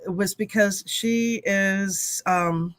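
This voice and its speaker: A woman co-hosting a casual talk show and telling a story in a blunt, animated way, swearing freely. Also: medium pitch, very slow, dry recording. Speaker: talk show co-host, hypnotherapist.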